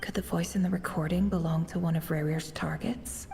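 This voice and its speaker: A sneaky adventurer, whispered role-play. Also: female voice, on the low side, steady tone, a little fast, a little mellow, soft background music. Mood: hushed curious. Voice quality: whispered, gravelly. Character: curious young woman adventurer searching an office.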